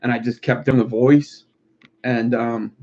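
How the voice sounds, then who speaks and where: A man rambles through a casual live stream in a laid-back, profane way. His voice sits at a middle pitch with a gravelly edge. The audio is dull and lo-fi. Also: flat delivery, measured pace, dark tone, a little hiss or hum. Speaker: streamer making wire art. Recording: lo-fi muffled recording.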